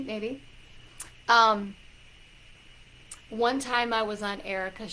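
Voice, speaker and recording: A woman hosting a casual livestream as a psychic coach, warmly greeting viewers by name with loud excited bursts. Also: mid-range voice, takes it slowly, pauses often, poor audio.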